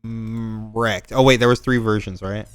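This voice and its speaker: A man's voice: on the low side, steady tone, moderate pace, faint music behind. A man co-hosting a reaction stream, chatting animatedly and sarcastically and laughing often. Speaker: stream co-host. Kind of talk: casual reaction-stream chat.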